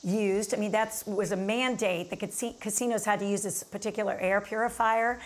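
Woman, TV show host, affirming and conversational, mid pitch. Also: fairly even intonation, normal speed. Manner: responsive, affirming interjections. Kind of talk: casual TV interview chat. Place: TV studio.

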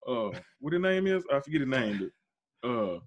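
On a muffled recording, a podcast host with a medium-pitched voice debates basketball at a moderate pace. His slangy talk is emphatic and insistent, with big pitch swings that spike as he pushes his argument.

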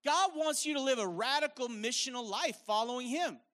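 Male preacher, bright and forceful tone, casual emphatic sermon delivery on a stage mic. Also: very high voice, expressive, fairly quick. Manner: casual, filler-heavy, emphatic. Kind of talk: live sermon. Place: stage at a worship event.

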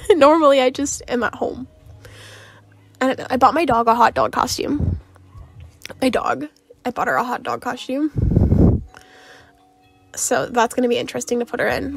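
A woman's voice: fairly high pitch, creaky. A young woman rambling casually as she talks over a game build video, with lots of fillers and small laughs. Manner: rambling, filler-heavy, giggly. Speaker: game streamer.

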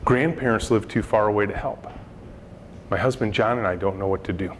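A middle-aged man, a company boss, tells anecdotes to a student audience and slips into quick little voices for the people in them. His voice sits in a middle register. The recording is made in a hall with a long reverb and a faint hum underneath. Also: medium pitch. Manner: animated storyteller acting out dialogue voices. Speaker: company CEO giving a talk to students. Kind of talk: storytelling keynote talk.

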